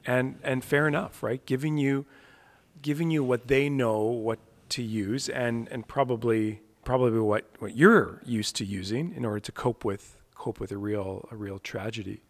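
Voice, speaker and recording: A man interviewing a guest, speaking in a reflective, halting way with frequent restarts. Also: medium pitch, steady tone, long reverb tail. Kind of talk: conversational interview.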